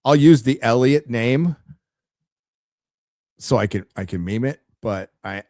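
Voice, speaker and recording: A man's voice: mid-range voice, a little slow, pauses often, darkish tone, no echo, studio quality. A man hosting a live show, giving blunt, opinionated commentary to his chat, with frequent stammered restarts. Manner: addresses chat directly. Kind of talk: casual opinionated livestream commentary.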